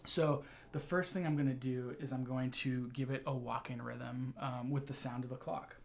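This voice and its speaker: A man teaching a music tutorial, explaining ideas in a relaxed way with frequent fillers. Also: medium pitch, moderate pace, slight background noise. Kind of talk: tutorial lesson.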